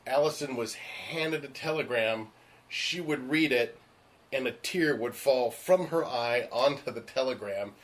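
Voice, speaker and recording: Man, actor, casual storyteller; lively, blunt, acts out others' lines, mid-range voice. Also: medium pitch, measured pace. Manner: animated, acts out the voices of people in his stories; frank and emphatic. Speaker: stage and screen actor.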